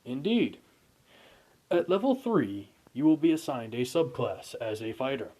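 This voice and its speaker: A man's voice: medium pitch, very animated, measured pace, dark tone. A man voicing a glowing energy orb that hands out quests and speaks in a formal, announcing way. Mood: brisk.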